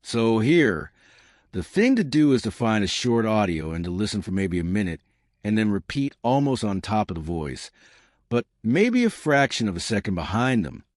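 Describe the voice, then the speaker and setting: A man with a lowish voice that swings up and down in lively arcs, teaching learners at an easy, encouraging clip. He keeps checking in with his listeners as he talks. The sound is dry and close, with no room around it. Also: moderate pace, no room sound. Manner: encouraging, repeats "right?" to check in. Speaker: English teacher.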